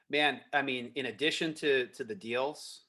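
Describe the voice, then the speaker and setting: A man appearing as a guest on a podcast, a real estate investor telling stories about his business in a relaxed, animated way. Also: medium pitch, slow. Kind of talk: casual interview chat.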